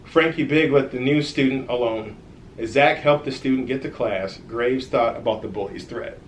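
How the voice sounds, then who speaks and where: A man with a middle-pitched voice reads a children's story aloud, lively and friendly, stopping now and then to talk straight to the young listeners. The room around him is echoey, and a faint hiss runs under the recording. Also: moderate pace. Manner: lively storytelling with asides to kids. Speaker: author reading his own book.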